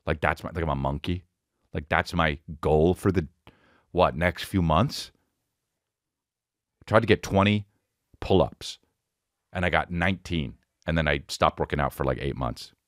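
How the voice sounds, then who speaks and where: A man's voice: rumbling low, moderate pace, pauses often, no echo, clean studio sound. A man in his forties, a comedian hosting his podcast in a casual, rambling, profane and self-mocking monologue. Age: 40s. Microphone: studio podcast mic.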